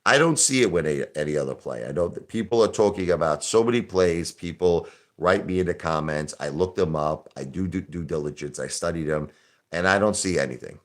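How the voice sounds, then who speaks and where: A man's voice: low-pitched, expressive, a little fast. A man hosting a live stream, ranting in a brash, combative way and repeating himself for emphasis. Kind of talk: casual live-stream rant.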